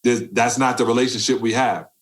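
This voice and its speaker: A brisk, animated storyteller in his fifties, once a basketball player, guests on a podcast interview. Quoting others, he performs their voices with big jumps in pitch.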